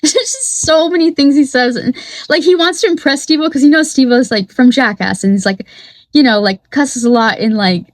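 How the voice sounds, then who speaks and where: A woman's voice: sits high, normal speed, no echo. A woman hosting a podcast in a casual, rambling monologue, swearing freely and laughing often. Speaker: podcast host.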